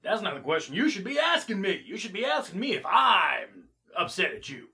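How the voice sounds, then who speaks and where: A super serious hitman, as a man puts him on while retelling a movie, answers curtly and sternly. The voice is fairly high and bright, with clipped lines. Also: big pitch swings, normal speed, full character voice. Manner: stern and curt.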